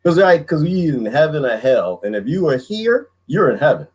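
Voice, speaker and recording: A man's voice: fairly high pitch, very animated, normal speed, darkish tone, slightly rough. A man hosting a casual livestream, ranting comically to viewers, laughing often and repeating himself. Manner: laughs often, slips into mocking voices. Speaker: livestream host. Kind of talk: casual comedic rant to viewers.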